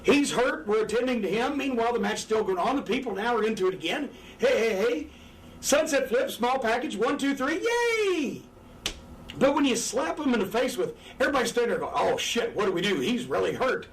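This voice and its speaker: Frantic, profane high-voiced man. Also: animated, fast talker. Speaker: former wrestling manager. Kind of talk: profane shoot interview. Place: sitting on a couch indoors. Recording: distant mic with faint background noise.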